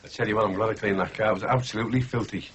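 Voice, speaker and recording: A man's voice: fairly low pitch, fairly even intonation, lightly acted. An actor playing a bantering middle-aged working-class husband and father. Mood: teasing. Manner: brisk, bantering. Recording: dull noisy TV audio.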